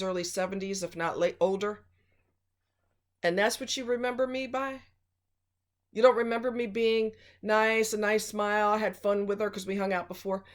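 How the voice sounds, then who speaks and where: A woman vlogger giving blunt relationship advice in a casual, emphatic monologue. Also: medium pitch.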